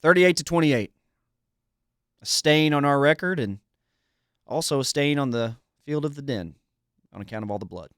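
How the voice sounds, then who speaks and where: A man's voice: a little high, animated, moderate pace, long pauses, fairly bright tone, clean tone, no room sound, clean studio sound. A man playing Dwayne, a folksy, blustering co-host of a small-town sports radio show. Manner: folksy, blustering, calls people partner and buddy.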